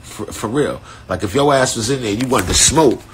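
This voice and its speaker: A man telling a long story in a loose, animated way, heavy on profanity and street slang, over a phone on a live stream. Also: medium pitch, normal speed, slight background noise. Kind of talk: casual storytelling.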